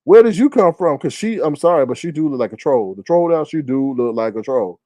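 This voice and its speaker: A man in a casual livestream, giving animated, slangy commentary and often mimicking others in high voices. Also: a little fast, no room sound.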